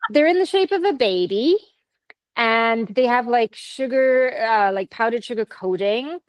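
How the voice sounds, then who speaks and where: A woman's voice: fairly high pitch, animated, unhurried, no room sound. A woman, co-hosting a podcast in casual chat, playful and rambling as she explains things. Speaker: podcast co-host.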